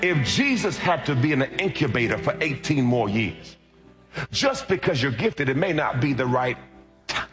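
Lively, humorous male pastor preaching. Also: mid-range voice, moderate pace. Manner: animated, humorous, calls out to the congregation. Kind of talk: sermon with personal testimony and scripture reading. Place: church. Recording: roomy sound with loud music behind.

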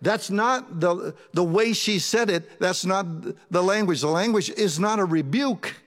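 A man's voice: sits high, a little slow, a bit bright. A man preaching a sermon in a conversational way, putting questions to his congregation. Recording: long reverb of a large hall.

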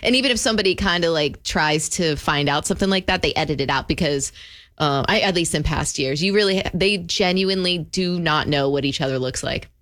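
A woman's voice: deep voice, a bit bright. A woman co-hosting a radio show, chatting eagerly and laughing easily. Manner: chatty, quick to laugh, enthusiastic. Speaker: radio co-host. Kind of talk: casual radio banter. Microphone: studio microphone.

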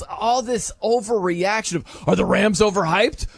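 A man hosting a sports talk show, animated and incredulous, laughing as he talks. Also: high-pitched, unhurried, creaky, hardly any pauses, slightly rough, dry recording.

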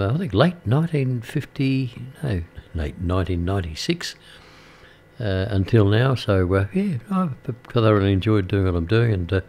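An older man chats on air from a radio studio, his voice sitting fairly low. He rambles easily, filling pauses with ums and uhs and restarting his sentences as he goes. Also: a little mellow. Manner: rambling, many fillers and restarts. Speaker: radio presenter. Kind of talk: casual radio chat.

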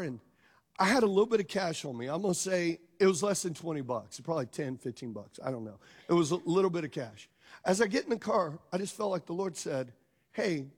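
A middle-aged pastor with a high-pitched voice delivers a sermon. He relates a personal story with animation and poses questions to his congregation.

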